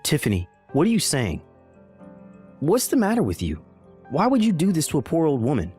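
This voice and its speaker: A man's voice: fairly high pitch, wildly swooping pitch, normal speed, a little mellow, faint music behind. A man voicing a bewildered husband who keeps asking alarmed questions. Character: bewildered husband, pleading and confused. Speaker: husband in a text-message story.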